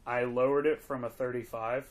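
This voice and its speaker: A man's voice: medium pitch, little pitch movement, moderate pace. A man with a mid-range voice, co-hosting a casual film podcast. He chats with open enthusiasm, swears freely and laughs a lot. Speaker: podcast co-host reviewing films. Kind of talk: casual chat.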